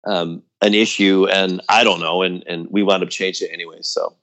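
Chatty man telling a band story. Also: fairly quick. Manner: animated storytelling, acts out quotes in a higher voice; loose and chatty, many fillers like "like" and "you know". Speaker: guest musician. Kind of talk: casual storytelling.

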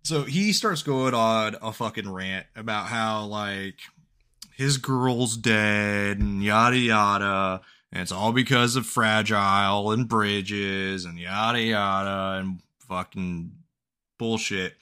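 A man's voice: fairly low pitch, slow pace, pushed and bright, clear, resonant tone. A man co-hosting a podcast who recaps a video game in casual chat, cursing freely and laughing often. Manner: profane, joking, laughs often. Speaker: podcast co-host.

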